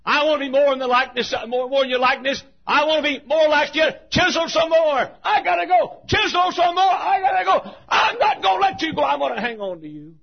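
A preacher acting out a desperate biblical man who begs God to keep working on him, in a husky, strained, high shout. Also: big pitch swings, fast talker, few pauses, muffled recording, heavily acted. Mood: pleading, shouting.

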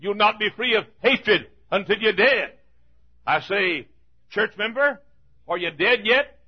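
A man preaching a fiery sermon in a church, repeating his lines and rising to shouts. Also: high voice, lively intonation, a little slow, slightly rough, dull audio.

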